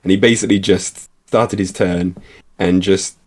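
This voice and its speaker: A man co-hosting a casual livestream chat, talking in a relaxed, chatty way with fillers. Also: sits low, moderate pace. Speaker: co-host.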